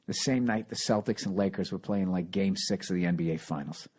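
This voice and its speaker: A man in his late forties telling profane, animated stories in a casual chat. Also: low voice, brisk, breathy edge. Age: 40s. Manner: profane, animated storytelling with acted quotes. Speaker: comedian podcast host.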